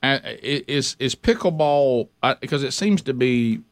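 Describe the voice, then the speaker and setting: A man's voice: mid-range voice, lively intonation, no echo. Guy hosting a talk radio show, stammers a lot, dry close mic. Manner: stammering, halting restarts. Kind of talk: casual studio banter.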